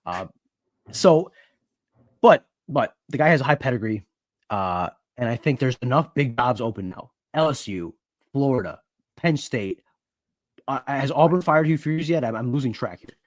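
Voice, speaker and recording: A man co-hosting a casual sports podcast, explaining in a steady, analytical way. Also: medium pitch, moderate pace, no echo, studio quality. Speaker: podcast co-host.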